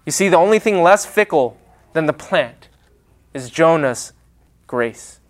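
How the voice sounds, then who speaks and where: A man preaching a sermon, with a dramatic, emphatic delivery and pauses. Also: on the high side, lively intonation.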